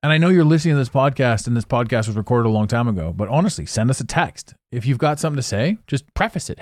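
Animated, rambling man podcasting. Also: medium pitch, quick pace, hardly any pauses, no room sound, studio quality. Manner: animated, swearing, laughing at his own jokes. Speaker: podcast host. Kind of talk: rambling solo podcast monologue.

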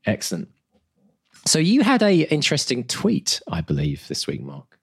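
A man's voice: medium pitch, wildly swooping pitch, moderate pace, vocal fry, slightly rough. A man co-hosting a casual podcast chat, enthusiastic and prone to restarting his sentences. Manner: enthusiastic, repeats words when starting. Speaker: podcast co-host.

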